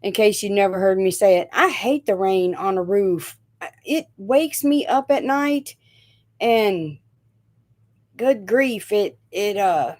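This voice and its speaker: A woman's voice: mid-range voice, a little mellow. A middle-aged woman from Indiana with a Southern Tennessee accent, chatting casually on a live stream, rambling and correcting herself as she goes. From northern Indiana, raised in Tennessee. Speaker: host of a live chat stream.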